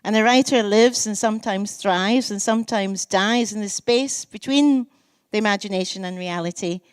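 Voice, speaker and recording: A woman's voice: medium pitch, moderate pace, smooth, no echo. Scottish woman in her sixties lecturing. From Scotland. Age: 60s. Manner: lively storytelling, self-mocking asides, lists delivered with relish. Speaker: poet giving a public lecture. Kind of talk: public lecture with anecdotes and readings.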